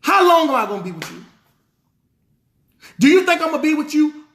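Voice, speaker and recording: A man's voice: very high voice, sing-song, a little slow, bright, forceful tone, pitched above the performer's own voice, full character voice. A man voicing Christ scolding his disciples in a sermon, exasperated and firing off rhetorical questions. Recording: roomy echo.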